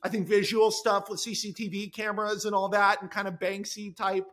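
A man chats casually as a podcast guest and screenwriter, rambling excitedly and filling his talk with "like". His voice is very high and bright, with an edge of tension. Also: a little fast. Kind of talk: casual chat.

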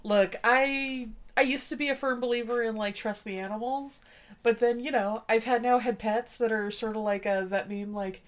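A woman co-hosting a podcast in casual movie chat, chatty and teasing, quick to laugh. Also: a little high, steady tone, slight background noise. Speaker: podcast co-host.

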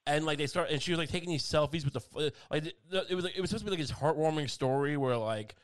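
A man in casual comedic podcast chat, rambling with halting restarts and deadpan mock outrage. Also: on the high side.

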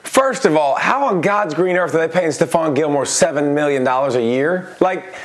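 A man on a sports panel argues his points emphatically and jokes as he goes. His voice is high for a man. The delivery stays lively throughout. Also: normal speed. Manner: emphatic, joking, animated. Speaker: panelist analyst. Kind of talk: sports talk debate.

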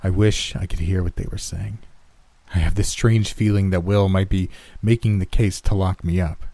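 A man reading a horror story aloud in the first person, in a hushed, anxious telling. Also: deep voice, fairly even intonation, normal speed, no echo. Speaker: narrator. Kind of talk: scripted horror story narration.

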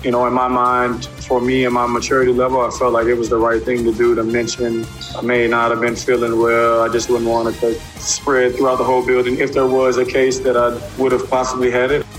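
A male athlete heard in a played press clip, rattling off his words quickly in a very flat, level voice. His manner stays matter-of-fact throughout, and faint music sits underneath. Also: medium pitch. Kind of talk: press conference remarks.

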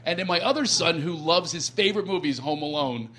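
A man's voice: on the high side, lively intonation, sharp tone. Joking man with a raised voice. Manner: joking, does quick impressions of others. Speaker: comedian guest. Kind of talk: casual studio chat.

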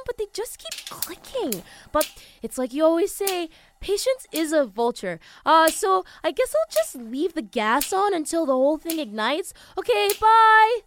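An actress playing a spacey, cheerful young daughter who chatters cluelessly on a voicemail. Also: female voice, very high voice, background noise. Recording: stove clicking behind.

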